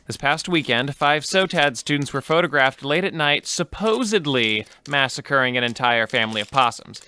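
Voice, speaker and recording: A man's voice: medium pitch, animated, moderate pace, bright, forceful tone, clean tone. A man playing an officious spokesman at a press conference in a comedy sketch, fussily correcting everyone.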